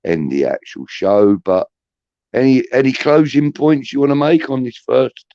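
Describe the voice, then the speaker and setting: A man's voice: mid-range voice, moderate pace, warm tone, no echo. A middle-aged man, hosting a podcast and rambling through chatty, swear-laden anecdotes. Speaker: podcast host. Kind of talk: casual storytelling. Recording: dull, muffled audio.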